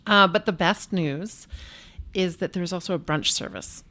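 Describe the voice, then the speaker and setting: A young adult woman co-hosting a casual podcast, chatty and easygoing, laughing often and filling pauses with ums while she shares event news. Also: fairly low pitch, fairly bright tone. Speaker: podcast co-host. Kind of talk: casual chat.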